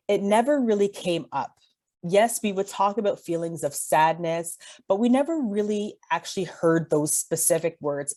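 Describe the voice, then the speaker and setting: A woman's voice: low voice, darkish tone. A young adult woman giving an earnest, personal talk on mental health. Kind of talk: presentation talk.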